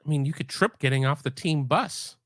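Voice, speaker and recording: A man's voice: on the high side, brisk, fairly bright tone, no room sound. Rambling middle-aged man, dry mic. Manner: rambling, with many restarts. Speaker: sports podcast host. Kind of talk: casual live-stream chat. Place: home room.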